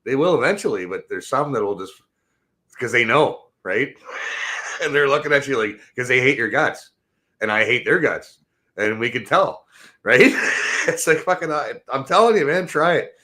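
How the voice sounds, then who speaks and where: A man's voice: mid-range voice, lively intonation, normal speed, pushed and bright. A middle-aged man ranting in casual chat, profane and rambling, laughing as he talks. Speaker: podcast host.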